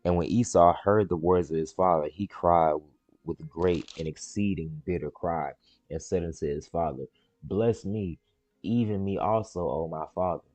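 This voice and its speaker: A man on a live stream reading the Bible aloud and explaining it in casual slang, repeating words and jumping into high excited voices for the characters. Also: normal speed, no room sound, faint music behind. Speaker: stream host reading scripture.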